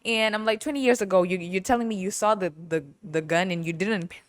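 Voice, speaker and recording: A podcast host tells stories in a casual, chatty monologue, laughing often and teasing playfully. She speaks fairly quickly at a medium pitch, and the recording is dry and studio quality.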